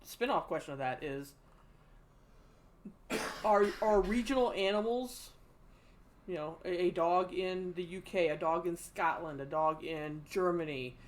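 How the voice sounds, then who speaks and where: A man's voice: high-pitched, measured pace, long pauses, a little hiss or hum. A man co-hosting a casual podcast chat, rambling through hypothetical questions with lots of stammered restarts. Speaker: podcast co-host.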